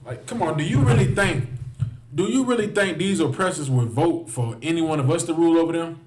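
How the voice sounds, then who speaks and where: Male street preacher, fiery and repetitive, voice on the high side, roomy echo. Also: a little fast, darkish tone. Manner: impassioned, repeats phrases, addresses listeners directly. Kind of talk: heated preaching to a livestream.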